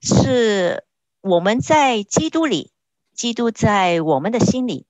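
A woman's voice: on the high side, very animated, slow pace, a little mellow, no echo. A woman interpreting a sermon phrase by phrase, sometimes hesitating as she searches for words.

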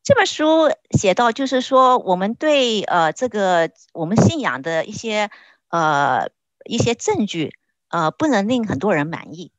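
A woman interprets a sermon phrase by phrase, pausing at times to search for words. Her pitch rises and falls with a lot of movement. The recording is close and dry. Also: very animated, no echo. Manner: searching for words, with frequent hesitations.

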